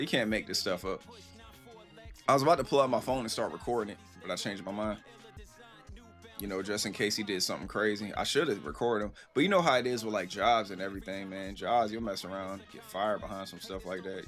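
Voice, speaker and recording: A man telling a story casually to his live stream chat, animated and rambling, acting out the voices he quotes. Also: on the low side, fast talker, soft background music.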